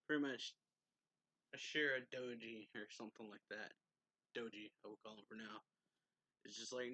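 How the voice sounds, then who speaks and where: A man's voice: fairly low pitch, unhurried, pauses often, bright, forceful tone, rough recording. A man casually reviewing a manga chapter, recapping the plot in a rambling way, chuckling often and using lots of fillers.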